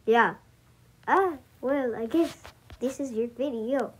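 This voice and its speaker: A woman's voice: a little high, takes it slowly, noisy background. A woman giving rambling, hesitant commentary while playing a game, with frequent giggles. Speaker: channel owner. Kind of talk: casual gameplay commentary. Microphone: screen recording with voice mic.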